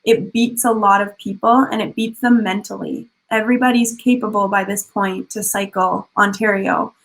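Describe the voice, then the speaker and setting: Young woman from Canada, casual storyteller, chatty with lots of fillers, gravelly fry in a mid-pitched voice. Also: moderate pace, poor audio. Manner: animated, chatty, many fillers and restarts. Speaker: speaker sharing a personal journey. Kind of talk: casual storytelling over photos.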